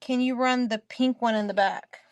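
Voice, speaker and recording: A woman hosting a casual live-selling stream, chatty and quick to laugh while she talks about items. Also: a little high, steady tone, dry recording. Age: adult, mother of a teen. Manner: giggly, chatty, laughs often.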